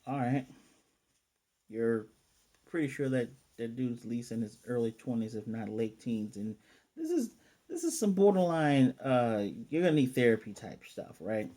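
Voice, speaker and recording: Mellow-voiced man recapping an anime. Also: mid-range voice, moderate pace. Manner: animated retelling, acting out character lines. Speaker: anime reviewer. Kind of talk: casual episode recap.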